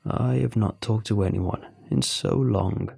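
A man voicing a stranded male alien in a storybook reading, speaking slowly in a low, gravelly voice. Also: darkish tone, faint music behind, full character voice. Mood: friendly. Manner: slow, drawn-out delivery. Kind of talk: storybook narration.

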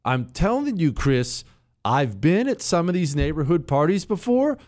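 A man hosting a talk radio show, sarcastic and chatty, often jumping into a mocking high pitch. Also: sing-song, normal speed, a little mellow, no room sound. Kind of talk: casual talk radio commentary.

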